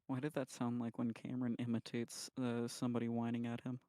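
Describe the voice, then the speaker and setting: A man's voice: mid-range voice, completely flat delivery, fairly quick, warm tone, no room sound, clean studio sound. A man playing an online game with friends, calling out plays and teasing in profane, casual banter. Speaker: streamer's friend and teammate. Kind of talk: casual chat while gaming.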